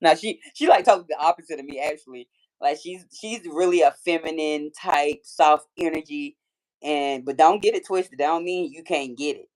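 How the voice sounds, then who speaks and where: A woman's voice: sits low, normal speed, darkish tone. Chatty Detroit woman livestreaming. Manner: chatty, playful trash talk. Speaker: livestream host. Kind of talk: casual livestream chat reading comments.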